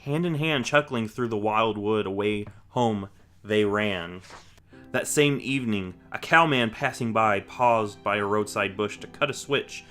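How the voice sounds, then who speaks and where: A man reading a rhyming children's book aloud with a rhythmic, expressive delivery. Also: fairly low pitch, measured pace, soft background music. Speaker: storyteller.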